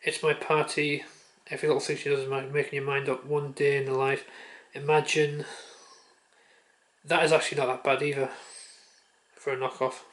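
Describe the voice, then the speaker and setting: A man's voice: medium pitch, little pitch movement, moderate pace, long pauses, fairly bright tone. A man vlogging at home, chatting offhand with a handheld camera, muttering and swearing casually. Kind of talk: casual chat.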